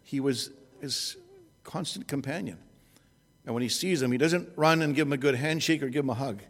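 A man preaching an expository sermon at an unhurried pace, often restarting and correcting himself. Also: medium pitch, big-room sound.

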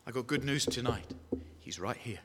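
A man's voice: mid-range voice, lively intonation, moderate pace, fairly bright tone, breathy edge. A man with an English accent preaching a sermon, repeating key phrases and putting questions to his listeners. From England. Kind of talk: evangelistic sermon. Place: church hall. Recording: echoey hall with long reverb.

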